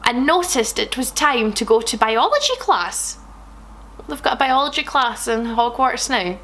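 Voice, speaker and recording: A young woman comedian reading bad fan fiction aloud, animated and sarcastic, swearing freely. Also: on the high side, unhurried, slight background noise. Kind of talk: comic read-aloud.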